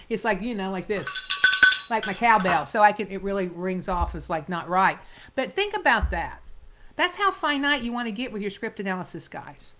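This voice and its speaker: Middle-aged woman, acting coach; emphatic, animated classroom delivery, voice at a mid pitch. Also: brisk. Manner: animated, emphatic teaching with quoted line readings. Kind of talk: script analysis class.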